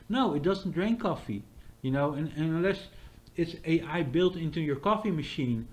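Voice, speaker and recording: A man's voice: on the high side, lively intonation, normal speed, few pauses. A man talking in a casual, rambling monologue, full of fillers and restarts.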